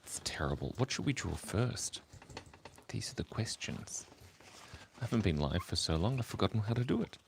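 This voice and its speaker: A man chatting with viewers on a live stream while he draws, keeping his voice low and quiet because it is early morning at home, playful and rambling. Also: sing-song, normal speed, gravelly, a little hiss or hum. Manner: talking quietly, hushed. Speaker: livestreaming artist. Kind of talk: casual live-stream chat while drawing.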